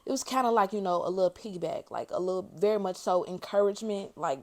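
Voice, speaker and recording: A woman's voice: mid-range voice, quick pace, darkish tone. A young woman casually telling a story while doing her makeup, chatty and slangy, using lots of filler words. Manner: chatty and slangy, heavy use of "like" fillers, addresses viewers as y'all. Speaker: beauty vlogger.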